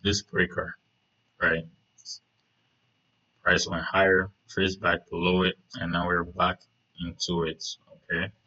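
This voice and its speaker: Man, deep voice, bright edge, rambling trading chart talk, lots of fillers, lo-fi recording. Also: completely flat delivery, takes it slowly, pauses often. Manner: rambling, frequent fillers and "right?" checks. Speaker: trading video host. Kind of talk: casual chart analysis.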